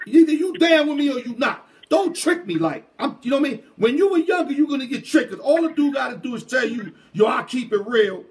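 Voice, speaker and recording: A man with a strikingly high voice hosts a sports talk show. He talks bluntly and emphatically, in heavy street slang, calling people dog. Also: lively intonation, quick pace, hardly any pauses. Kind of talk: casual chat.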